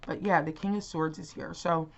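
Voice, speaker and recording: A woman's voice: low voice, steady tone, normal speed, vocal fry, highs cut off. A young woman doing a casual tarot reading to camera, rambling through many fillers and restarts. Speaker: tarot reader.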